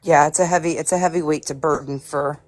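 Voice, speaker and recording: A woman's voice: low-pitched, fairly even intonation, fast. A woman speaking as a guest on a casual livestream, earnest and sympathetic, often stammering and restarting her sentences. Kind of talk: casual live-stream chat.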